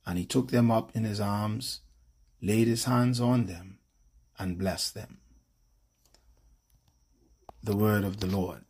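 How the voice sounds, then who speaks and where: A male priest, leading a morning devotion with prayer, scripture and a measured sermon. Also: fairly low pitch, fairly even intonation, a little mellow, slightly rough. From Bahamas.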